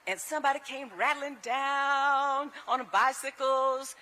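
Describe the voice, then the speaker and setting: A woman giving a public tribute speech at an outdoor ceremony, telling stories in an animated way and acting out the people she quotes. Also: a little high, measured pace. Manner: animated storytelling, acts out quoted voices.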